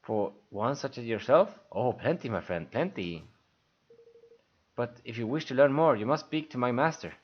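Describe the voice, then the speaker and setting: A man's voice: medium pitch, expressive, normal speed, slightly rough, dull audio. A man voicing a scheming royal emissary in a game, reading his lines in a silky, sly way.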